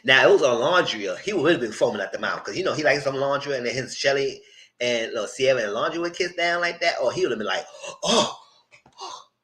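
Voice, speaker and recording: A man giving a live casual recap of a reality dating show, acting out the quoted lines and breaking into high-pitched excitement. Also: fairly quick. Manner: animated, breaks into high shrieks and laughter when excited; acts out quoted lines in voices.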